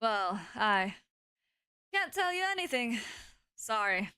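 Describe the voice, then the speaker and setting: A woman's voice: a little high, big pitch swings, pushed and bright, clear, resonant tone, dry recording, heavily acted. A woman reading a visual novel aloud, voicing a flamboyant, charming male pigeon schoolboy who is theatrical and never bothered. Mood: playful. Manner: theatrical, drawn-out, flowery speech.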